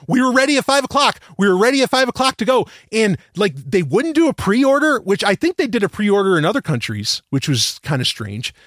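A man's voice: high-pitched, fairly bright tone, no echo, studio quality. A man hosting a podcast, telling a rambling story with lots of restarts and the odd swear word. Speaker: podcast host. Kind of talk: casual storytelling monologue.

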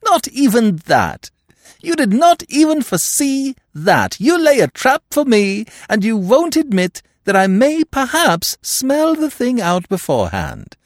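A man reading a story aloud and voicing a sly, mocking gentleman thief with a theatrical, taunting manner. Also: a little high, wildly swooping pitch, measured pace, no echo, studio quality, voice pushed up, full character voice. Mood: gloating.

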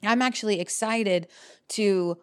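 A woman in her thirties chats as a guest, telling lively stories from the stage world. Her voice sits at a middle pitch, and she laughs often. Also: unhurried, clear, resonant tone. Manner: animated storyteller, laughs often. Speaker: cabaret performer and director. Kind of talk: casual chat.

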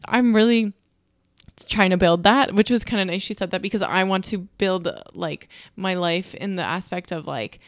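A woman's voice: medium pitch, moderate pace, no room sound, studio quality. A woman in her twenties co-hosting a podcast, chatting casually, laughing often and swearing now and then. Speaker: podcast co-host. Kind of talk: casual chat.

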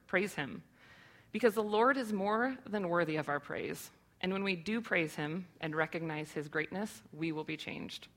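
A woman's voice: low-pitched, a bit bright. A woman in her thirties giving a sermon to her church, earnest and conversational, with many rhetorical questions. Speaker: church speaker.

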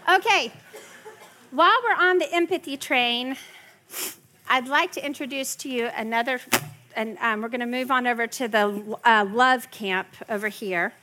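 A woman in her forties giving a lively parenting workshop to a room of parents, often mimicking her kids' whiny voices. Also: fairly high pitch, moderate pace. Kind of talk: live parenting workshop talk. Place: workshop room with a live audience.

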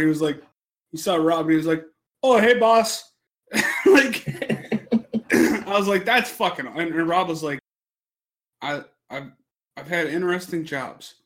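Young guy on a podcast, kinda high voice, rambles and swears, laughs thru his stories. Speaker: podcast co-host. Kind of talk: casual podcast chat.

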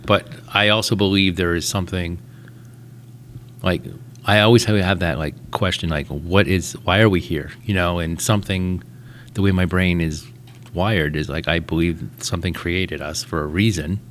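A man's voice: low voice, steady tone, moderate pace, fairly bright tone, a little hiss or hum. A man in casual conversation, rambling through big thoughts and telling a joke with voiced characters. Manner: rambling, musing, tells jokes with voiced characters. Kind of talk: casual podcast chat.

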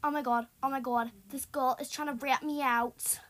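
High-voiced young woman in jittery game commentary. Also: steady tone, moderate pace, very noisy. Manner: jumpy, swings between hushed whispers and loud panicked exclamations. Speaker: gamer. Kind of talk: horror game let's-play commentary.

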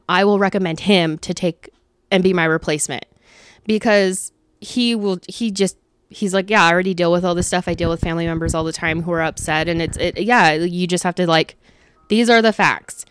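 A young woman candidly venting about her workday in a casual monologue, swearing freely and acting out conversations in lively voices. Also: fairly low pitch, fairly quick, clear, resonant tone, no echo, clean studio sound. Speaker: vlogger venting about work.

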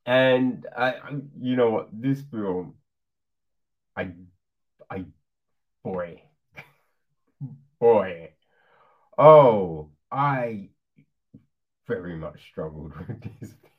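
A man's voice: on the low side, lively intonation, slow pace, pauses often. A man casually reviewing a film on his channel, laughing, swearing and throwing in lots of rhetorical asides. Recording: dull lo-fi recording.

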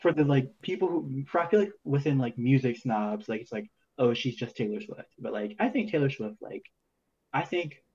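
Chill guy on a podcast, kinda husky, dull lo-fi sound, rambles a lot. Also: mid-range voice, moderate pace, mellow. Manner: rambling, many fillers, laid-back. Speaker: podcast co-host. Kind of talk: casual chat.

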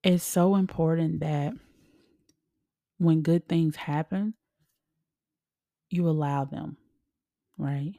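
A woman podcaster who works as a medium talks at an unhurried pace, her lowish voice carrying a gravelly fry. Her tone is relaxed and chatty, full of loose, colloquial phrasing. The sound is close and dry. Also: no room sound, dull audio. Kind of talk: casual motivational talk.

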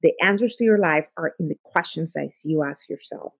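A woman's voice: low-pitched, brisk, creaky, no echo. A woman life coach giving a motivational talk, emphatic and full of repeated affirmations.

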